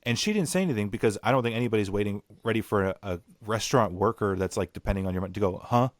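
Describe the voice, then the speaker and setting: A man's voice: lowish voice, rapid-fire, no room sound, studio quality. A young man hosting a casual podcast chat, ranting bluntly and swearing. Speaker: podcast host.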